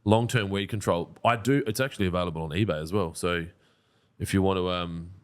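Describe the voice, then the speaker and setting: A man's voice: low voice, fairly quick. A man, co-hosting a podcast in blunt, joking, casual chat. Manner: blunt, joking, swears freely. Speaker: podcast co-host.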